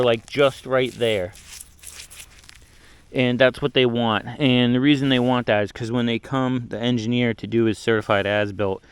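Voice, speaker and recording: A man's voice: mid-range voice, clear, resonant tone, no echo. A man giving a chatty, rambling walkthrough of a septic install outdoors on a job site, explaining each step as he goes. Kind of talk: casual on-site vlog narration.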